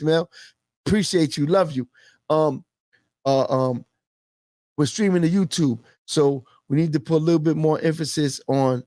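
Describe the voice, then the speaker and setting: A man's voice: medium pitch, darkish tone, no echo. A man hosting a casual livestream, earnestly repeating a humble plea for support, with many fillers. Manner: repetitive, earnest pleading, fillers. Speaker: livestream host.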